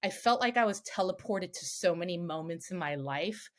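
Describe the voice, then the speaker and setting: A middle-aged woman recounts a family blowup with animated energy, cursing freely and slipping into the voices of the people she quotes. Her voice sits a little low for a woman. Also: moderate pace. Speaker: podcast guest. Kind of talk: candid storytelling.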